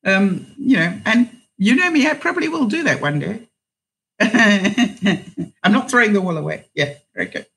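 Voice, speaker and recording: A woman's voice: mid-range voice, lively intonation, moderate pace, vocal fry, a bit bright, poor audio. A woman hosting a casual livestream, chatting in a rambling way, laughing often and reading out viewer comments.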